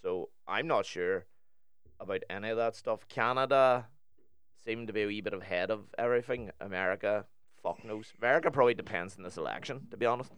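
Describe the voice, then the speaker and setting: A man's voice: on the low side, a little fast, a bit bright, smooth, no echo, studio quality. A man co-hosting a podcast, chatting in a laid-back, offhand way and swearing casually. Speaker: podcast co-host. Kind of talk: casual chat.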